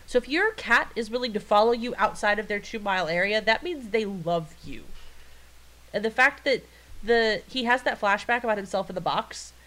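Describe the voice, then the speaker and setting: A woman co-hosting a podcast in casual, excited chat, swearing freely and laughing often. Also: medium pitch, moderate pace. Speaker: podcast co-host.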